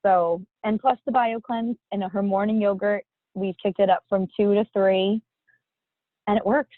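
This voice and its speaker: A woman's voice: medium pitch, fairly even intonation, moderate pace, dry recording. A woman in her thirties sharing a personal story in casual chat, chatty and emotional, filling her talk with "like". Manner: chatty, emotional, says "like" a lot. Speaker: testimonial guest. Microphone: video call. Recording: dry, phone-like line.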